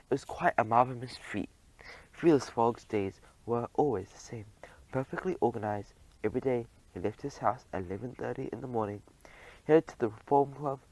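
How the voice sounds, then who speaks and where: A man narrating a children's storybook audiobook in a gentle, even storytelling manner. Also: medium pitch, low-quality recording.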